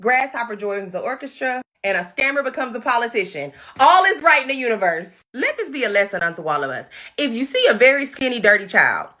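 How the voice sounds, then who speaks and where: A woman's voice: a little high, very animated, brisk, few pauses, bright, forceful tone. A woman hosting a comedic movie recap, telling the story in a sassy, slangy style.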